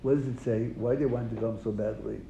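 A man's voice: mid-range voice, fairly even intonation, fast talker, creaky, warm tone, dull audio. A man teaching a classroom lesson, asking his students questions and then answering them. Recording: echoey room, faint noise.

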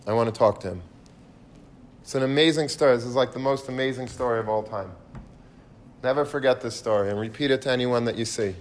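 A man in the middle of his pitch range tells a story with lively energy. He breaks off into asides and restarts his sentences as he goes, speeding up and slowing down. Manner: animated, with frequent restarts and asides. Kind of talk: storytelling talk.

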